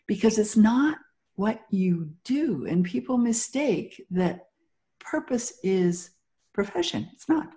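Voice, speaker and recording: A woman's voice: mid-range voice, expressive, slow pace, dark tone. A middle-aged woman speaking as a guest in an interview, giving motivational talk and acting out little quoted scenes as she tells stories. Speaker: guest, business founder.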